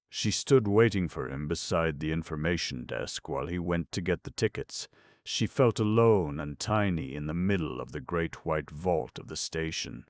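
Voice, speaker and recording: A man narrating an audiobook in a steady, measured reading. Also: rumbling low, no echo, clean studio sound.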